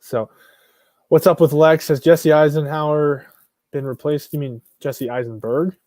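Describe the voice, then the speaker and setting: A man's voice: a little high, fairly even intonation, a little slow, darkish tone, dry recording, clean studio sound. Blunt, rambling male stream host. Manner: blunt, rambling, frequent restarts and mild swearing. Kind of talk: casual live stream commentary.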